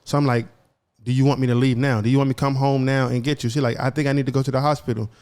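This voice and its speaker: Fast-talking young man telling a story. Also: medium pitch, level tone, darkish tone, clear, resonant tone. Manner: retells events by acting out both sides of conversations; repeats and restarts phrases as he goes. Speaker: podcast co-host. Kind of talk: casual personal storytelling.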